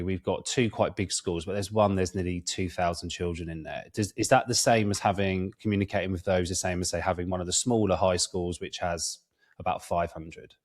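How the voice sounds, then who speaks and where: A man's voice: low-pitched, darkish tone. A man co-hosting a podcast who asks long, thoughtful questions. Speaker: podcast co-host. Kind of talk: podcast interview.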